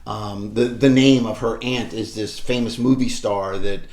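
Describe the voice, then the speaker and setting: A man's voice: steady tone, a little slow, darkish tone. Chatty man recapping in an echoey room. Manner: retells scenes acting out lines with shifts in pitch. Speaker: podcast co-host. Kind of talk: casual recap chat.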